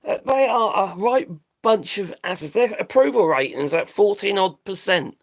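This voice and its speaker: A man's voice: high voice, expressive, moderate pace, gravelly. A middle-aged British man hosting a live stream, ranting in a blunt, rambling, sweary way and laughing at his own jokes. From Britain. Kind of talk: casual live-stream commentary.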